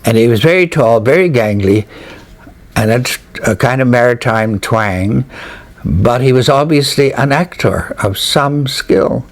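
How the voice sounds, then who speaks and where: A man's voice: medium pitch, measured pace. Older man reminiscing with many hesitations. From Canada. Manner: hesitant, many fillers, animated recollection. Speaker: interviewee, retired theatre critic. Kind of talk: reminiscing interview answers.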